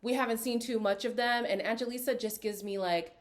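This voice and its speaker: A woman's voice: a little high, normal speed, hardly any pauses. A woman giving casual, opinionated commentary as she recaps a reality dating show, talking straight to her viewers. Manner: opinionated, chatty, slips into quoted voices.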